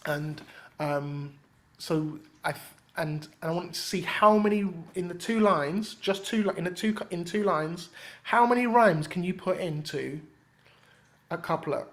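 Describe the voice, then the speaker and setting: A man with a slightly high voice teaches a rap workshop in a relaxed, chatty way. He drops in rhythmic examples and often pauses on "um". It sounds like an easygoing class. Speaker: workshop leader and rapper. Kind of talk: casual teaching talk.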